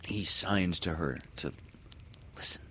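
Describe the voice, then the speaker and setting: A man narrating a classic children's story aloud with an expressive, dramatic delivery. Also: deep voice, slow pace, a little hiss or hum.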